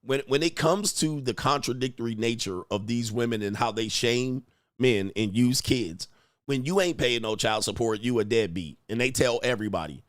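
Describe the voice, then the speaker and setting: A man's voice: mid-range voice, moderate pace, no echo, clean studio sound. A man hosting a livestream, ranting bluntly in crude, mocking commentary. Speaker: livestream host.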